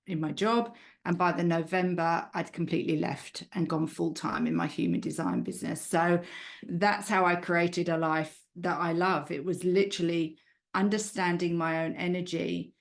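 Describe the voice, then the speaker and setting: Woman with a British-Australian accent. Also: fairly low pitch. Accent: hybrid British-Australian. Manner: chatty, storytelling. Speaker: guest, human design coach. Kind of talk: conversational interview answers.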